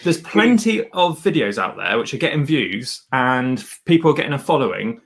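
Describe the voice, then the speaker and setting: On his livestream, a man goes over a guest's channel and gives tips, chatting loosely and laughing often. His voice is mid-range and his pace moderate, and he's animated and inclined to ramble.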